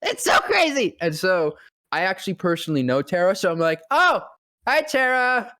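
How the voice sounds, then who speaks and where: A man's voice: high voice, sing-song, a little fast, a bit bright, no room sound, clean studio sound. A man who works as a voice actor tells a casual, rambling story. He swears freely and acts out the lines other people said. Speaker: voice actor guest.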